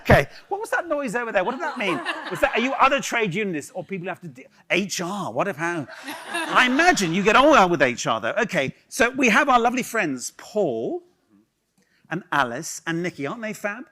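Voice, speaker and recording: In a conference hall before a live audience, an English man leads an improv workshop, teasing and bantering playfully with volunteers. His voice sits high and bright with a forceful tone, sing-song and a little fast, in lively workshop talk.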